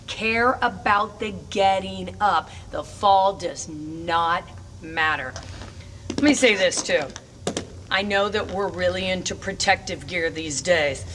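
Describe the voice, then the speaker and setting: At a roller rink, a middle-aged woman with a mid-range voice coaches parents on teaching their kids to skate, upbeat and emphatic, breaking into chanted cheers. She sounds far from the mic, with a noisy background.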